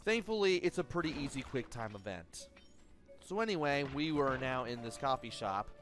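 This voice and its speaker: A man's voice: medium pitch, lively intonation, moderate pace, a bit bright. A man hosting a let's play, giving casual, explanatory gameplay commentary. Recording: voice-over with faint game music.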